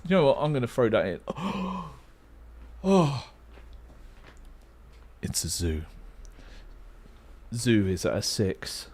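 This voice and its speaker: Playful young male streamer, lively pitch. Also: slow, long pauses. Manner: playful, self-mocking, muttering guesses aloud. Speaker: livestream host. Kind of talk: casual livestream chat while playing a word game.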